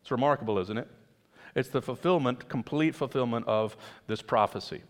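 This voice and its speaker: A man's voice: mid-range voice, normal speed. Man preaching in a reverberant hall. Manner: conversational preaching, rhetorical questions. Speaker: pastor. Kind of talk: sermon.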